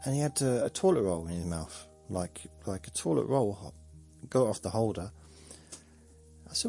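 A man with a lowish voice rambles through a casual podcast monologue. His pitch moves a lot, and he keeps making fun of himself and wandering off topic. Faint music plays underneath. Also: big pitch swings, moderate pace, creaky, warm tone. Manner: chatty, self-mocking, digressive. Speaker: podcast host.

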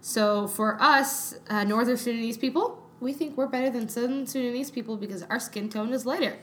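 A woman's voice: a little high, fairly quick. A woman with a Canadian accent co-hosting a podcast in casual, emphatic chat, rambling with fillers. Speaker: podcast co-host.

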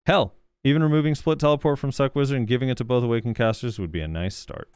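A man's voice: mid-range voice, fast talker, darkish tone, clear, resonant tone, dry recording. A man co-hosting a gaming podcast, reading out viewer comments and reacting in a loose, hesitant way with lots of fillers. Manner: casual, hesitant, many fillers. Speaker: podcast co-host.

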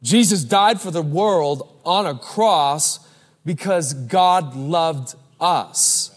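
A man in his thirties preaching a sermon as pastor, animated, telling stories and calling out to the congregation. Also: a little high, extremely slow. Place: large church. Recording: live church hall with long reverb.

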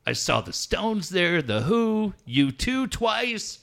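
Animated bright-voiced male radio host. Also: sits high, takes it slowly, creaky. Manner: animated, laughing, acts out voices in anecdotes. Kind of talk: casual storytelling chat.

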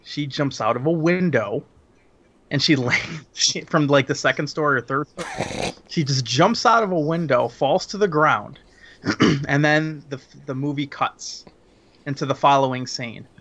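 A man's voice: on the high side, unhurried, a bit bright, slight background noise. A man chatting casually and crudely about a horror film, laughing often as he rambles through the plot.

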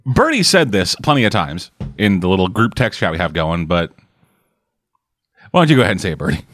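Man, podcast host, low voice, dry close sound, casual and rambling. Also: sing-song, a little fast, fairly bright tone, dry recording. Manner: loose, rambling, swears casually. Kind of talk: casual chat.

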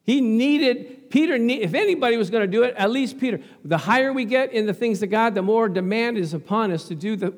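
Lively laughing preacher with high pitch. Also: male voice, fairly quick, few pauses. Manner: laughing, animated, talks back to the congregation. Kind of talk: sermon. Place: church. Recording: long church reverb.

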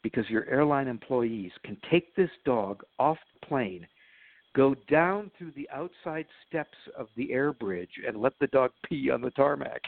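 A man's voice: medium pitch, animated, unhurried, vocal fry. A man telling stories as a guest in an interview, chatty and laughing at his own stories, with lots of fillers. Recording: phone line.

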